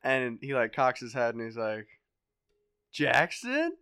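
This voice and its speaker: Animated young man telling a wild story. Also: mid-range voice, moderate pace, clean tone, no echo, studio quality. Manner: animated, swearing, acts out voices loudly. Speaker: podcast guest. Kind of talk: casual storytelling chat.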